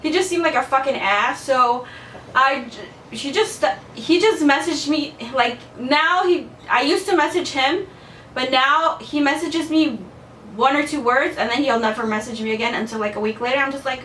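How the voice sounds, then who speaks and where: Young woman vlogging, high voice, blunt and sweary, says like a lot, kinda far off in an echoey room. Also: moderate pace, fairly bright tone, a little hiss or hum. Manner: chatty, blunt, swears freely, lots of "like". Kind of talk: casual storytelling to camera.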